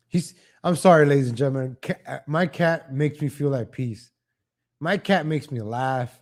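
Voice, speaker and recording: A man's voice: on the high side, moderate pace. A man hosting a casual morning livestream, chatting loosely and thanking viewers in the chat. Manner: rambling, warm toward chat viewers, frequent restarts. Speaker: host.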